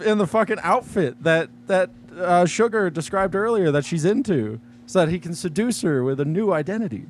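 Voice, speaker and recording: Lively, swearing podcast guy. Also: high-pitched, moderate pace, a little hiss or hum. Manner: swears freely, laughs often, retells plot. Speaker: podcast co-host. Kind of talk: casual film discussion.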